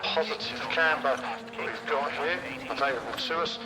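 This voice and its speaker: A man streaming a rally game, calmly talking through each corner as he drives. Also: mid-range voice, normal speed. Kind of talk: driving commentary. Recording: loud rally car engine noise.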